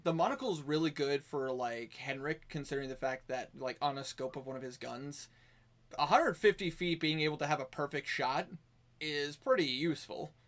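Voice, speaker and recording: A man runs a tabletop game over voice chat, narrating scenes and ruling on rolls. His voice sits a little high, and he talks in a relaxed way with quick asides. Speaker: game master.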